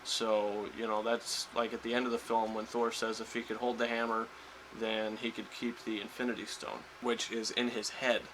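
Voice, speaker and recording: A man's voice: lowish voice, level tone, moderate pace, background noise. A man giving a casual spoiler review of a film, rambling with lots of fillers and restarts. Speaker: movie reviewer.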